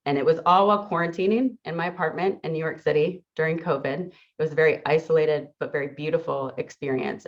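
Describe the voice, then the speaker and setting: Low-voiced woman giving a motivational talk. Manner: earnest, reflective, speaks to an audience. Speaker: teacher and coach. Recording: dull lo-fi sound.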